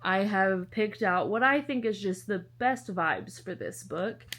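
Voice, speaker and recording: A woman's voice: medium pitch, animated, a little slow, fairly bright tone. A young woman with a slight lisp, chatting casually in her book vlog with anxious, self-interrupting energy. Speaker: book vlogger.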